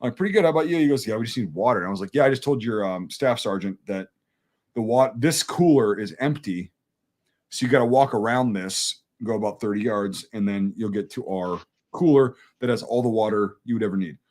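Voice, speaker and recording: A man's voice: lowish voice, fairly quick. A man from Wisconsin, a military veteran, telling a war story in casual chat, swearing freely and acting out what each person said. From Wisconsin, USA. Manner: profane, animated, acts out quoted dialogue.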